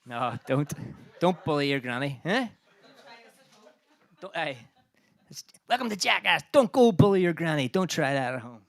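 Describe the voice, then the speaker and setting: A man's voice: on the high side, big pitch swings, moderate pace, vocal fry, pauses often. Breathless, swearing man on a gig stage. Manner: sweary, self-mocking jokes. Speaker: band frontman. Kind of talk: between-song banter at a live gig. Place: live music venue streamed online. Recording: live gig with band music behind.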